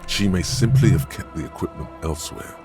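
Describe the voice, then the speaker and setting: An actor voicing a sardonic male inner voice that narrates a game in a dry, mocking way, with a gravelly tone. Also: sits low, lively intonation, brisk, over music.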